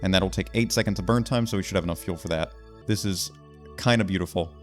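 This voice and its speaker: A man giving casual let's-play commentary, excitable and talking himself through each move of a game. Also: deep voice, fast talker, soft background music. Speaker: gaming video host.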